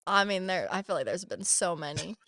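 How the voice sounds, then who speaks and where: A woman, an actress, chatting as a podcast guest and telling travel stories with lively quoted voices. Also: fairly low pitch, brisk, no room sound, studio quality. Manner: chatty storyteller, animated quoting. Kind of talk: casual interview chat.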